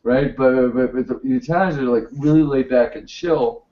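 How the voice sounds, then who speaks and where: A man's voice: mid-range voice, moderate pace. A man chatting casually and boastfully, stammering and swearing often. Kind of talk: casual chat. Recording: distant roomy lo-fi recording with faint noise.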